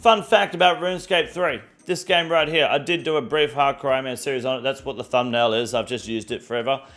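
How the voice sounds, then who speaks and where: A man's voice: medium pitch, quick pace, a bit bright, faint music behind. Boastful, foul-mouthed man hosting game news. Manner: boastful, profane, blunt. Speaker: host. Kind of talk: casual game news commentary.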